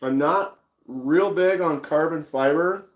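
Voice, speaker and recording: A man's voice: a little high, slow. Chatty Minnesotan man in echoey room. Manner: relaxed, chatty, reads out viewer comments. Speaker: livestream host showing pocket knives. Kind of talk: casual live-stream chat.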